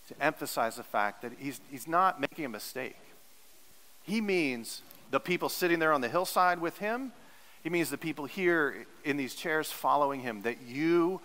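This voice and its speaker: A man's voice: on the high side, animated, normal speed, fairly bright tone, in a large hall, rough recording. A male pastor preaching a sermon in an earnest, teacherly way, leaning hard on repeated words for emphasis.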